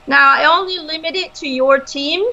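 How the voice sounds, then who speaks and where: A high, bright woman's voice with a gravelly edge talks her way chattily through a reading, laughing easily between remarks. The sound is dull and lo-fi. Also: normal speed, soft background music. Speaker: psychic medium. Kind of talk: casual reading session. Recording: dull lo-fi audio.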